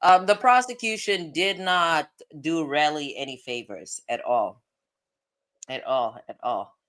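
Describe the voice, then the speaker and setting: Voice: mid-range voice, measured pace, a bit bright. A co-host in casual chat who laughs often and teases.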